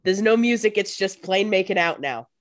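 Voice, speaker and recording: A woman co-hosting a casual podcast, throwing in quick jokes and asides. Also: mid-range voice, lively intonation, no echo, clean studio sound. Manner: joking asides, quick quips. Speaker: podcast co-host. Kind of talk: casual chat.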